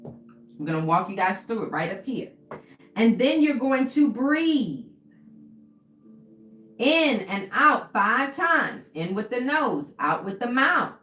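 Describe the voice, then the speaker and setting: A woman's voice: on the high side, very animated, takes it slowly, pauses often, fairly bright tone, echoey room. A woman mindset coach teaching her viewers in a live stream, casual and full of "okay" and "right". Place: room with a whiteboard.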